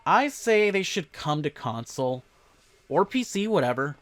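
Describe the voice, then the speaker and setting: A man's voice: on the high side, sing-song, normal speed, fairly bright tone. A man hosting a casual podcast chat, rambling with frequent laughs.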